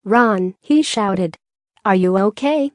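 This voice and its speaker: A woman's voice: medium pitch, animated, takes it slowly, no echo. A woman reading the lines of a tense, brave twelve-year-old boy wizard in an audiobook, with a shaky edge.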